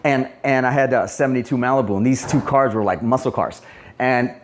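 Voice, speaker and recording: A man's voice: medium pitch, fairly quick, a little hiss or hum. A man giving a sermon as a pastor, talking casually and telling personal stories with acted-out quotes. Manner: conversational, storytelling with quoted dialogue and asides.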